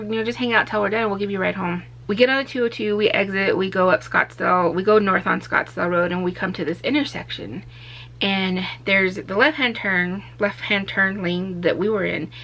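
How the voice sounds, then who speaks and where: Young woman vlogger, casual storyteller, mid-pitched, animated delivery with acted-out quotes. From Arizona, USA. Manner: animated, acts out quotes with raised voice.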